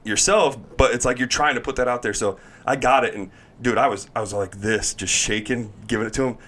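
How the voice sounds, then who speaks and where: A man, a pro baseball pitcher, telling a story in casual chat and acting out the voices of the people in it. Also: brisk. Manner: animated, acts out quoted voices, laughs while telling. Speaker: guest, MLB pitcher.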